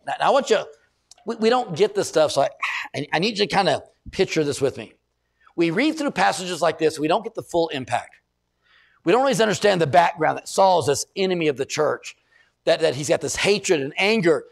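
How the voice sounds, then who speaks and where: Gravelly high-pitched male preacher. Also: fairly quick. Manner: animated preaching, repeats words, asks the congregation questions. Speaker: pastor. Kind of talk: sermon. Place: church.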